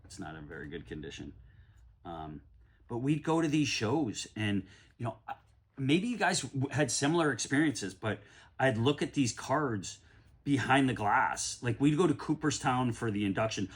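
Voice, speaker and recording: A middle-aged man from the United States, rambling casually through a card-break vlog and often breaking into excited shouts. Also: medium pitch, normal speed, husky. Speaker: card collector opening packs.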